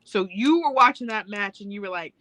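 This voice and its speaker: A woman's voice: mid-range voice, lively intonation, brisk, fairly bright tone, dry recording, low-quality recording. A woman co-hosting a podcast, chatting casually with profane, laughing banter. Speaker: podcast co-host. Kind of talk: casual chat.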